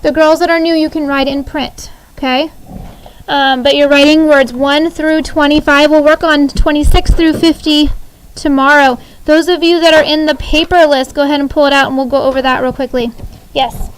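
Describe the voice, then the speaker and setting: A woman teacher in her thirties in a classroom, leading a spelling drill, spelling each word slowly letter by letter and giving firm instructions. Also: high-pitched, fairly even intonation, slight background noise, poor audio. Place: school classroom.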